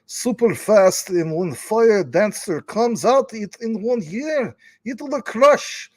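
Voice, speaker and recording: A boastful tough guy with a heavy Russian accent, as a man puts him on. He talks slowly and emphatically in broken English, pitched high and pushed loud, in a dry, close sound. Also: lively intonation, dry recording, exaggerated voice.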